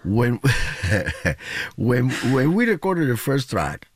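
A man in his seventies, a musician guest whose first language is not English, telling stories in an animated way with frequent laughter and halting restarts. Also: mid-range voice, no room sound, studio quality. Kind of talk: casual interview storytelling.

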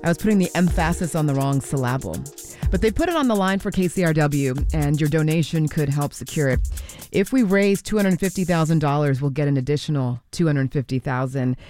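A woman's voice: sits low, a little mellow. A woman radio host chatting through a pledge drive and introducing music in a friendly, conversational way. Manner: friendly, self-correcting, conversational. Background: faint music.

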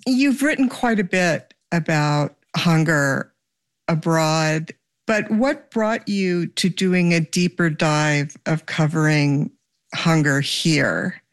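A woman hosting an interview, asking measured, probing questions. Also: low voice, no echo. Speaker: interviewer host.

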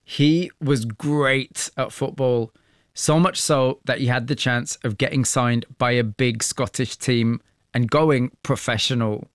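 Measured male radio presenter. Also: mid-range voice, fairly even intonation, no room sound, studio quality. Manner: measured, empathetic questioning. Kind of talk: broadcast interview with scripted narration.

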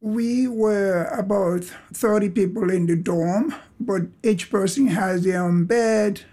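Man, slow speech, careful simple phrasing, interviewee. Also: sits high, dark tone. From Guinea.

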